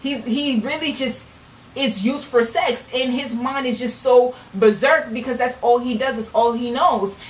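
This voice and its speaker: A woman's voice: fairly high pitch, steady tone, a little slow. Earnest woman, echoey distant mic. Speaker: author and vlogger. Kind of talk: casual on-camera commentary. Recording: echoey room, distant mic, faint noise.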